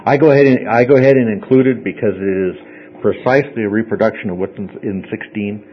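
A man's voice: on the low side, quick pace. Guy teaching a bible study class, chatty, keeps saying okay?, kinda muffled lo-fi recording w/ a bit of hiss. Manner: conversational, explains step by step, checks in with "okay?". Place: classroom with listeners.

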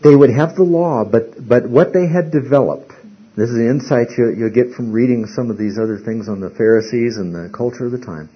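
A man teaching a Bible study class. He speaks haltingly, repeats words and keeps asking the class questions. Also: mid-range voice, husky. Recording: muffled lo-fi recording.

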